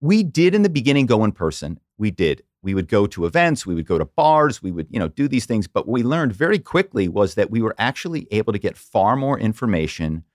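Low-voiced man telling spy stories. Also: brisk, few pauses, no echo, clean studio sound. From Philadelphia area, US. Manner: animated storyteller, slips into quoted voices. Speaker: podcast guest, former corporate spy. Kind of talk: casual interview storytelling.

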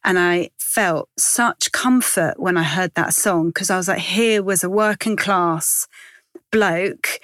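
A woman's voice: on the low side, slow pace, a bit bright, no echo, clean studio sound. Chatty woman comedian, candid. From Iran. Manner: chatty, candid, rambling with self-corrections. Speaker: comedian guest. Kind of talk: casual podcast interview.

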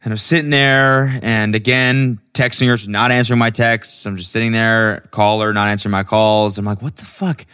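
A young man hosts a solo podcast and tells his stories in a loose, rambling way. He swears freely and fills his sentences with ums and likes. His voice sits low. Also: flat delivery, normal speed, hardly any pauses, bright, forceful tone, clean tone. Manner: profane, rambling, lots of fillers. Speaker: podcast host. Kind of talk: casual solo podcast storytelling.

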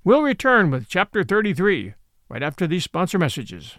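Expressive gravelly male storyteller. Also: high-pitched, moderate pace, no echo, clean studio sound. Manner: expressive reading, voices all parts. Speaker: narrator. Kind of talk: storybook narration.

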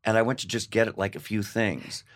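An older man, a guest actor, telling candid anecdotes in an interview, animated and laughing, slipping into voiced quotes. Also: fairly low pitch, fairly quick.

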